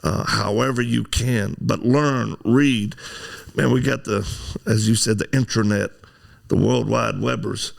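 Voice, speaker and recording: A man's voice: on the low side, steady tone, measured pace, creaky. A man hosting a casual conversation who rambles and gives encouraging advice, with a lot of fillers. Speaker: host. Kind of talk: casual chat.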